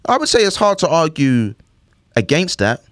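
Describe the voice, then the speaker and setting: A man's voice: fairly high pitch, big pitch swings, normal speed, no room sound, studio quality. A man co-hosting a podcast, talking in a loose, musing way and often checking in with "do you know what I mean". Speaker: podcast co-host. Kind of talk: casual chat.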